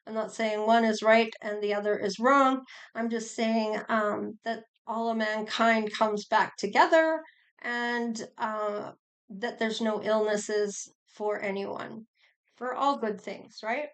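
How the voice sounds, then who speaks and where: A woman's voice: fairly high pitch, fairly even intonation, takes it slowly. A middle-aged woman giving a casual tarot reading, chatty and rambling, with sighs and small laughs. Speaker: tarot reader.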